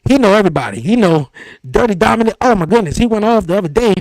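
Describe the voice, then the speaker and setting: A man hosting a podcast, telling a story in a lively, animated way. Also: high-pitched, very fast, dry recording. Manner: animated storyteller, acts out his son's lines. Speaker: podcast host. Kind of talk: casual podcast chat. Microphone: podcast studio mic.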